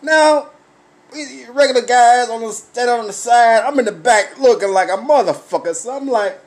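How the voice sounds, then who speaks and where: A man telling a story as a blunt, animated comic rant, swearing constantly and breaking into laughs. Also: very high-pitched, moderate pace.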